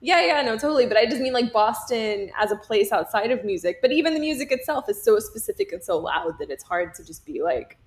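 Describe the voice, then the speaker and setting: A woman's voice: a little high, animated. Woman rattling off opinions with fillers. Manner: quick, filler-heavy opinions. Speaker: podcast co-host. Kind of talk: casual chat.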